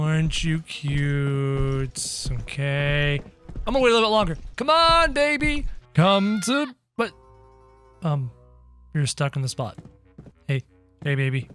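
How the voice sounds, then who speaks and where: Excitable high-voiced man narrating gameplay. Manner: excitable, playful, talks to viewers. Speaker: gameplay video creator. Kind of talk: let's-play commentary.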